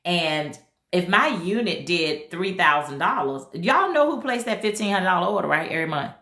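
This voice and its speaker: A woman's voice: fairly low pitch, very animated, moderate pace, very noisy. A middle-aged woman hosting a casual livestream, talking emphatically and straight to her viewers. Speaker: livestream host. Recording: echoey room.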